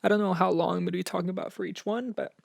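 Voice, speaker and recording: A man's voice: high voice, fairly even intonation, very fast, vocal fry, no room sound, clean studio sound. A young man hosting a casual solo music review podcast. He sounds a little nervous and out of breath, chatty, with many fillers and restarts. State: slightly out of breath. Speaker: podcast host.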